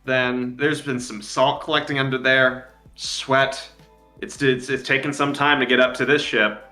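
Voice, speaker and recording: Bright-voiced male game master narrating. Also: mid-range voice, little pitch movement, unhurried, reverberant, faint music behind.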